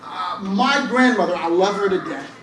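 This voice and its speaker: High-voiced young man preaching in an echoing hall. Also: moderate pace, a crowd in the background. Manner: energetic, storytelling with humor, rising to shouts. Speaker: church speaker. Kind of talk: sermon. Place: large church hall. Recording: echoey hall, from far off, faint noise.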